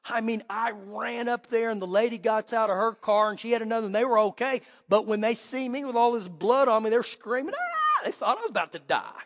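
High-voiced pastor in a reverberant hall. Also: male voice, brisk, hardly any pauses. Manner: dramatic storytelling, swings from hushed to loud. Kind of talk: sermon with personal story.

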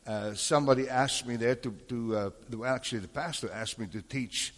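A man's voice: mid-range voice, fairly quick. A man preaching a sermon to a congregation, calling out for amens and responses as he teaches from scripture. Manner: calls for amens and crowd responses. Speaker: pastor. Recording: long hall reverb.

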